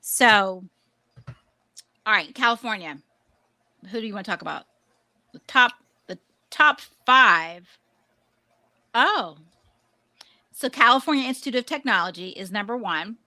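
A woman in her forties co-hosting a casual podcast chat, talkative and laughing often, acting out lively quoted voices. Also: medium pitch, measured pace, long pauses, no echo. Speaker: podcast co-host.

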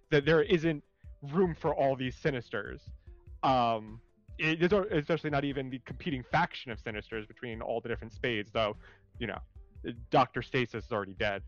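A man co-hosting a casual comics chat, animated and rambling with lots of fillers. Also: medium pitch, brisk, no echo, lo-fi sound, faint music behind. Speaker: comics podcast co-host.

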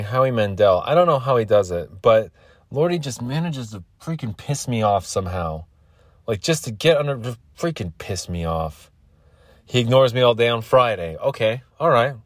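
A man's voice: mid-range voice, dry recording. A man hosting a solo podcast, rambling crudely and getting irritated as he goes. He has the hiccups. His voice sits close and dry on the mic, with no room around it. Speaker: podcast host.

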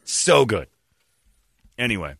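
An animated man riffing on a radio show. His voice swings widely in pitch and stays bright and forward, recorded close and dry in the studio. He talks in a loose comic flow and keeps breaking into mocking voices. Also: slow pace, gravelly, breathy edge, no echo. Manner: animated, laughing, jumps into mocking high-pitched quoted voices. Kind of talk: casual comedic talk radio banter.

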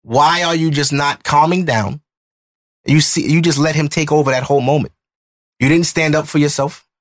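A man in his thirties hosting a podcast, telling a personal story in an emotional, animated way. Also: fairly high pitch, normal speed. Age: 30s. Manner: emotional, animated retelling with acted-out quotes. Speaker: podcast host. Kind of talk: casual storytelling chat.

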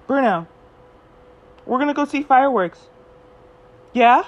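A young woman with a somewhat high voice hosts a casual solo podcast. She tells a personal story in a loose, chatty way and jumps into lively quoted voices as she goes. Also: slow pace, muffled recording, a little hiss or hum. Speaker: podcast host.

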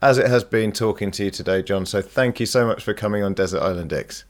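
Guy hosting a podcast, kinda low voice, laid back and chatty. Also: fast talker. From Britain. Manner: relaxed, chatty, laughs easily, swears casually. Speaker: podcast host. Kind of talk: casual podcast chat.

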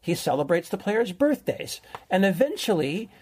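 A man's voice: high voice, big pitch swings, moderate pace, a little mellow, breathy edge. A man hosting a chatty show, talking enthusiastically and laughing easily. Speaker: show host, reviewer. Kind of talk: casual chat.

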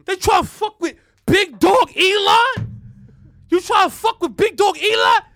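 A man playing a boastful male tech mogul, shouting profane, swaggering taunts at his rivals. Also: very high voice, measured pace, no echo, pitched above the performer's own voice, full character voice.

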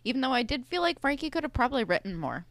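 A woman's voice: sits high, very animated, rapid-fire, fairly bright tone, no room sound. A young woman co-hosting a podcast, giving opinionated, chatty takes on a TV episode with plenty of filler. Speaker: podcast co-host. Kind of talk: casual chat recapping a TV episode.

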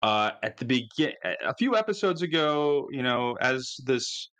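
A man's voice: medium pitch, big pitch swings, moderate pace, a bit bright. A man co-hosting a casual motorsport podcast, joking and self-mocking. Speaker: podcast co-host. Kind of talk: casual chat.

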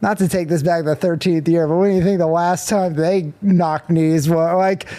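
Expressive woman retelling a movie scene. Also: on the low side, normal speed. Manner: expressive, laughs while recounting scenes. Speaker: podcast co-host. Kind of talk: casual movie recap chat.

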